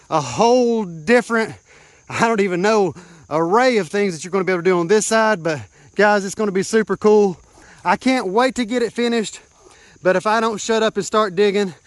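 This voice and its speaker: A DIY vlogger with a high-sitting voice walks viewers through a backyard build step by step, pointing things out in casual, hands-on talk. He's outdoors and sometimes out of breath. There's no echo on the recording.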